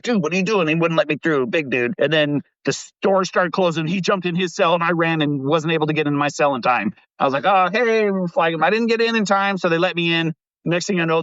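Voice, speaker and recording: Animated man telling rough stories. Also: fairly high pitch, no room sound, dull audio. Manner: animated, swearing, laughs often. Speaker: guest. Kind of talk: casual storytelling.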